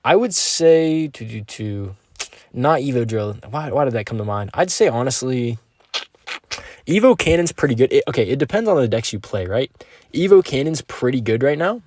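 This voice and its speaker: A man's voice: medium pitch, lively intonation, a little fast, darkish tone, no room sound, studio quality. Laid-back young man streaming a game. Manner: laid-back, upbeat, slangy, talks to chat. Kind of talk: live-stream gameplay commentary and chat reading.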